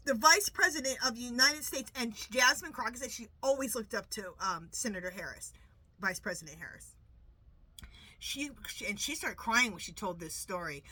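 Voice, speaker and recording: A woman hosting her own tarot channel in a casual, rambling vlog chat, full of quick asides. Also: on the high side, animated, bright, forceful tone, no room sound. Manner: asks a pendulum questions, repeating "clear". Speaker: tarot reader and channel host.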